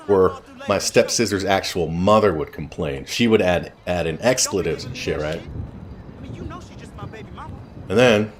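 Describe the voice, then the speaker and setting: A man's voice: low-pitched, slight background noise. A man telling a rambling personal story in a blunt, casual way with frequent swearing, while streaming a game. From Canada.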